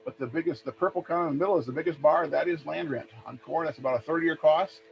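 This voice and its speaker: A man from Minnesota, calmly presenting price charts in a webinar and asking for each next slide. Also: on the high side, fast, creaky. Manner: plain, steady walk-through of price charts, asks for next slide often. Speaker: extension educator presenting a webinar. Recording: dull lo-fi webinar audio with faint hum.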